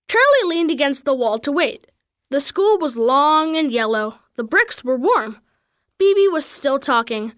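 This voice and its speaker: A woman reading a children's story aloud with expressive, animated storytelling. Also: high voice, moderate pace, no echo, studio quality. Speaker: reader.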